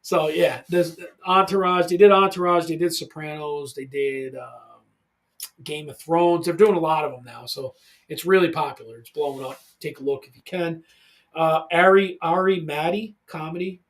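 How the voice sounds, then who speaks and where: A man in his forties hosts a casual podcast chat from a studio, with a voice sitting a little higher than most men's. He tells stories with lots of energy and gets loud when he acts out what people said. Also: moderate pace. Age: 40s. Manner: animated storyteller, loud when acting out quotes. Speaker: podcast host.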